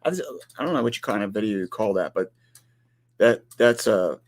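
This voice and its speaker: A man co-hosting a casual ranch livestream, with a low-set voice. He rambles and teases in a loose, joking way, often breaking off and restarting his sentences as he greets viewers. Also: animated, a little fast.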